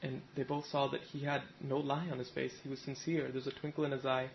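A man's voice: mid-range voice, level tone, fast, gravelly, lo-fi sound, slight background noise. A man giving a Sikh sermon, retelling a story and speaking its characters' lines in his own plain voice. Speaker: Sikh preacher.

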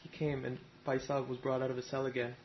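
A man's voice: medium pitch, monotone, quick pace, lo-fi sound, slight background noise. A man giving a Sikh sermon, retelling a story and speaking its characters' lines in his own plain voice. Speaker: Sikh preacher.

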